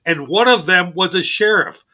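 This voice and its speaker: A man's voice: sits high, expressive, normal speed, bright, forceful tone, slight background noise. A man co-hosting a sports radio podcast in casual banter, making points emphatically and repeating them. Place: radio studio.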